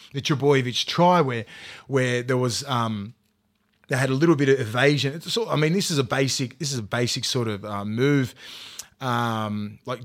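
A man, a former rugby league player, ranting heatedly and profanely in casual podcast chat with lots of fillers. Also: mid-range voice.

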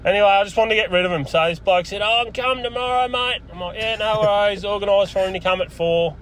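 Aussie bloke swearing through a story, high voice, cars faintly in the background. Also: male voice, fairly even intonation, fast, a little hiss or hum. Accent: Australian. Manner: crude, laughing storyteller, puts on voices for others. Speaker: caller telling a story.

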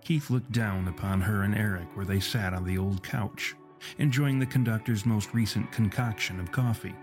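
Male audiobook narrator, low voice, calm measured storytelling. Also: soft background music. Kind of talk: scripted narration.

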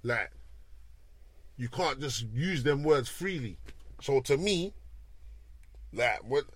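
A young man, a guest telling a story in casual street slang, animated and quick to shift gears. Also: medium pitch, slightly rough, no room sound.

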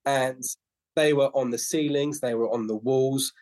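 A man's voice: mid-range voice, steady tone, a little slow, darkish tone. Man telling rambling trade stories. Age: 50s to 60s. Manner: rambling anecdotal storyteller with frequent restarts. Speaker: podcast guest, flooring business owner. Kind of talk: casual interview storytelling.

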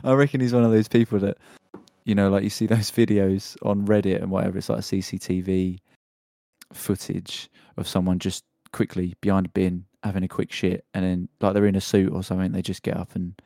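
Talking fast and flat, another co-host chats casually on the podcast in a low, dark voice, wandering off topic and laughing a lot. The studio sound is clean, with no room echo.

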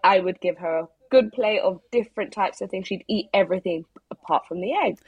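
Husky woman, lively storyteller. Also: medium pitch, fairly quick, no room sound, lo-fi sound. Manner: animated storyteller, acts out quotes. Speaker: podcast co-host. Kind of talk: casual chat.

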